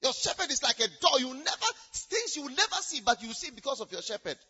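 High, husky woman preaching with emphasis. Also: very animated, fast, lo-fi sound. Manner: emphatic, repetitive, alternating shouts and hushed asides. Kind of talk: sermon.

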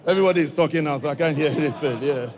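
A man's voice: on the high side, rapid-fire. African-accented man questioning a hall crowd. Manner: direct, questioning, coaxing the crowd. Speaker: church speaker addressing a congregation. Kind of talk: live address to an audience. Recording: long reverb from a large hall.

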